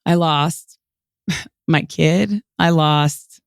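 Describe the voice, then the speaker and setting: A woman in her forties from Utah, a podcast guest telling her story in a lively way, acting out what people said and laughing often. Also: deep voice, very slow, gravelly, clear, resonant tone, no echo, studio quality. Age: 40s. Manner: animated, quotes people in lively voices, many "like" fillers. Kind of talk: storytelling interview.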